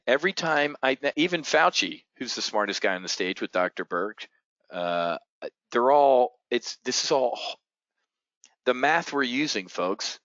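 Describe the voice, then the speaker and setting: A man hosting a live trading show, talking bluntly and profanely in a loud-and-quiet rant to his viewers. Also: mid-range voice, no room sound. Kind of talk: live-streamed market commentary. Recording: dull lo-fi stream audio.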